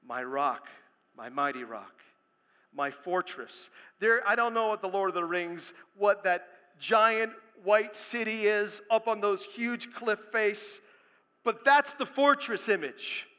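Man, pastor, sermon, high voice, slow deliberate delivery, emphatic, long hall reverb. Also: smooth. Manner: emphatic preaching, builds to loud proclamations.

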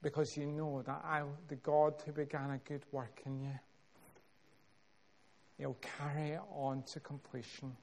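Slow, measured Scottish preacher. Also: male voice, on the high side, little pitch movement, creaky, a little mellow. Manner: slow, measured delivery with dramatic pauses and rising emphasis. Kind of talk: sermon storytelling.

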